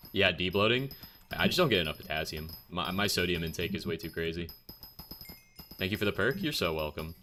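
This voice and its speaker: A young man with a very low, bright-edged voice chats on a live stream, fielding viewer questions in a blunt, offhand way. Soft music plays faintly behind him. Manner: chatty, blunt, answers chat questions. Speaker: game streamer.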